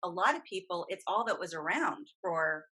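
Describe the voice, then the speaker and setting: A woman's voice: lowish voice, a little fast, a little hiss or hum, poor audio. A middle-aged woman, a guest voice actress and coach, talking animatedly and emphatically in a casual podcast chat. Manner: animated, emphatic, talks at length.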